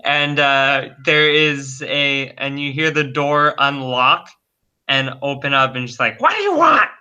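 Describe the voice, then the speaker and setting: A man running a tabletop game online as game master, narrating haltingly with many pauses and restarts. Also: medium pitch, little pitch movement, sharp tone, smooth, dull audio. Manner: halting, full of ums and restarts.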